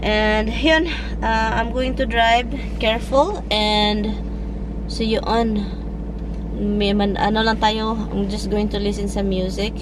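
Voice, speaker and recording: A woman in her thirties with a Filipino accent, chatting casually on her vlog and patiently explaining things. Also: medium pitch. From Philippines. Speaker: vlogger. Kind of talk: casual chat mixing English and Tagalog.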